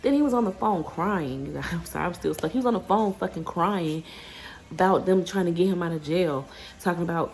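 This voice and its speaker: A woman with a lowish, darkish voice vlogs at a brisk clip, first outdoors and then at home. Her casual chat rambles, with sentences stopped and restarted, and she gets heated when she starts ranting.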